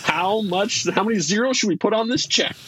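A man co-hosting a podcast in casual chat, joking around and quick to laugh. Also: high voice, a bit bright, a little hiss or hum, poor audio. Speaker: podcast co-host.

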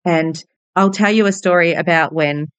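A bubbly, candid Australian woman in her forties, a hairdresser who hosts a podcast, tells personal stories in a monologue and swears casually. Her voice is fairly low and clean at a normal speed, recorded close and dry with no room sound.

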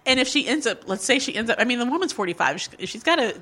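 A woman's voice: on the high side, animated, fast, fairly bright tone. A woman co-hosting a podcast in casual gossip chat, chatty and often laughing, acting out quoted voices. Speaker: podcast co-host.

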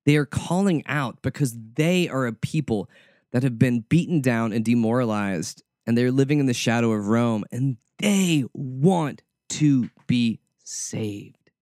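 A man's voice: mid-range voice, moderate pace, a little mellow, no room sound, clean studio sound. A male preacher giving a conversational sermon, informal and often repeating words as he searches for the next one.

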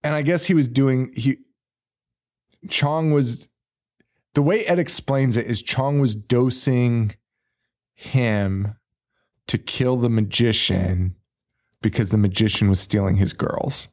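A man's voice: mid-range voice, slow, pauses often, a little mellow. A man hosting a horror podcast, casually recapping a movie with frequent swearing and laughter. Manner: profane, laughing, rambling recaps.

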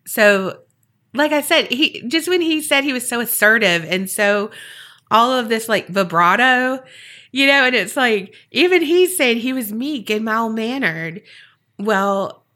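A woman's voice: on the high side, expressive, measured pace, bright, forceful tone. A woman podcast host telling a story in a chatty, casual way with wry asides.

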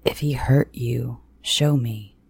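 A woman voicing a cold, commanding male captor in a low, hushed, threatening delivery. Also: fairly even intonation, slow pace, vocal fry, slightly rough, dry recording, exaggerated voice. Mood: menacing.

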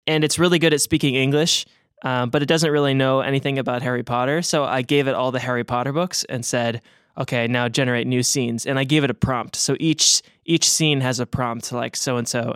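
A man's voice: medium pitch, a bit bright, smooth, dry recording, studio quality. A man hosting a podcast, explaining the episode format in a matter-of-fact, casual way. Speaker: podcast host. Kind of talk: casual chat.

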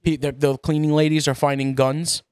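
A man co-hosting a casual podcast chat, talking in an animated way, swearing and laughing often. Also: a little high, moderate pace, smooth, dry recording, studio quality. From New York. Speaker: podcast co-host.

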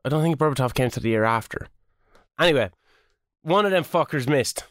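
A man's voice: medium pitch, lively intonation, a little fast, fairly bright tone, no room sound, clean studio sound. An Irish man in his thirties co-hosting a casual podcast, bantering and swearing freely. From Ireland. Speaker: podcast co-host.

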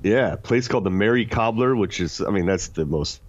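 A man's voice: fairly quick, dull audio, a little hiss or hum. A man co-hosting a sports talk show from his home office, bantering casually and laughing often. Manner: animated, laughing, jumps between high and low pitch.

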